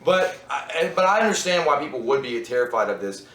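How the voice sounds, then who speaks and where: A man reviewing a horror movie in casual chat, profane and animated, often acting out characters' lines. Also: mid-range voice, fast. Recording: echoey room, mic at a distance.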